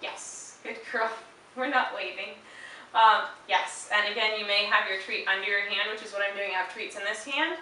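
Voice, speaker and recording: A woman dog trainer explains handling exercises at an even, patient pace, breaking off now and then for quick high-pitched praise to her dog. Her voice is bright and sharp. She sounds distant from the mic in a very reverberant room with a faint hiss underneath. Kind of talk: instructional demonstration.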